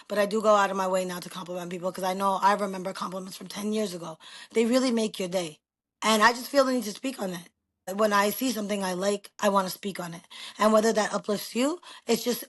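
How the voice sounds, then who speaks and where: A middle-aged woman from New York with a New York accent, a loud and animated guest telling stories in a casual chat. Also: medium pitch.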